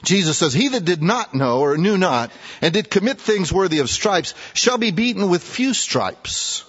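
A man's voice: sits high, sing-song, moderate pace, a bit bright, slightly rough. A man preaching a sermon in a folksy way, acting out scripture characters in casual, everyday voices. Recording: muffled, echoey hall.

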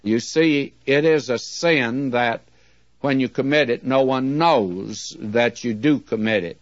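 A man preaching a sermon in a measured, earnest way, with slow, emphatic readings. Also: mid-range voice, no echo. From United States. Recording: dull, dry lo-fi recording.

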